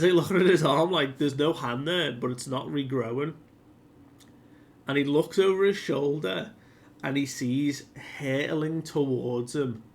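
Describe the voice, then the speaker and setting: A man reviewing a comic chapter in a relaxed, slow way, retelling scenes animatedly and peppering them with "like". His speech is unhurried and chatty. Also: mid-range voice, a little hiss or hum. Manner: animated retelling full of filler "like". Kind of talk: casual chapter recap.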